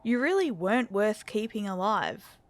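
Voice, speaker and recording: A bored and menacing unkillable man who talks down with cool scorn, as a woman narrating a spooky story reads his lines. His threats come out calm and unhurried, mid-pitched and level. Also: natural voice.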